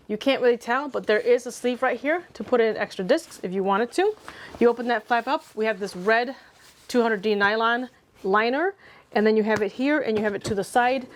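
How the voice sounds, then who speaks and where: A woman's voice: medium pitch, a little hiss or hum. A woman walking through a detailed product comparison in a methodical, self-correcting way. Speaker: gear reviewer. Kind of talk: product review walkthrough.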